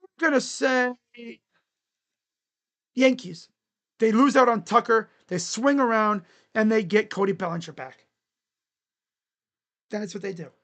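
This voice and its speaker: Sports live-stream host, casual commentary, jokey, rambling, middle pitch. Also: unhurried, long pauses. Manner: jokey, rambling, breaks into shouted bits.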